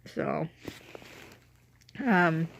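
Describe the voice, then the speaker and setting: A woman's voice: sits low, expressive, very slow, creaky. A young woman talking casually in a rambling, self-correcting way on her vlog, emotional as she remembers her late dog. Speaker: vlogger.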